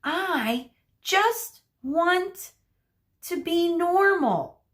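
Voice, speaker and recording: A woman's voice: extremely high pitch, lively intonation, extremely slow, fairly bright tone, voice pushed up, exaggerated voice. A woman reading a frustrated pleading young girl. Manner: pleading, plaintive.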